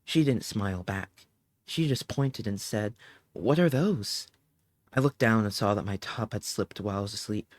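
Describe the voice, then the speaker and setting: A man narrates an audiobook with a dramatic, emotive delivery. His voice sits on the low side and is recorded dry and close. He slows down to lean on the heavy moments. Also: dry recording.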